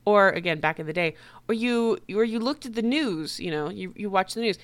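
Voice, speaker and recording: A woman's voice: medium pitch, brisk. Profane, ranting woman podcast host. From United States. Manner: blunt, profane, laughing, animated. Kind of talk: casual monologue rant.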